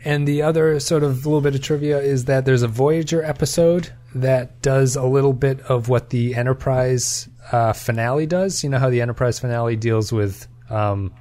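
A man's voice: medium pitch, normal speed, hardly any pauses, mellow. A man co-hosting a podcast, talking through a film in a thoughtful, analytical way with frequent restarts. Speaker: podcast co-host. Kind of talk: casual film discussion.

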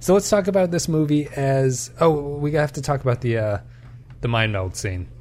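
A man's voice: fairly high pitch, normal speed, a little mellow. A man co-hosting a podcast, talking through a film in a thoughtful, analytical way with frequent restarts. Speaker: podcast co-host. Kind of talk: casual film discussion.

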